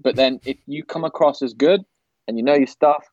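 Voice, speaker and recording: A man's voice: mid-range voice, brisk, darkish tone, no room sound, dull audio. A man who works as a sports broadcaster, talking candidly as a guest, rambling and restarting his sentences. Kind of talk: casual podcast chat.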